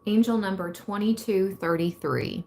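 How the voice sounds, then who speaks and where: A woman giving a calm, reflective tarot reading to her viewers. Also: medium pitch, normal speed, vocal fry. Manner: calm and reflective, reading card meanings aloud. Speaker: tarot card reader.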